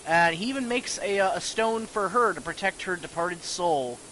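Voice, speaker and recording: A man's voice: sits high, animated, moderate pace, sharp tone, a little hiss or hum, low-quality recording. A man rambling casually and profanely about horror shows while playing a video game. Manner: rambling, profane, full of restarts. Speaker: gaming video host.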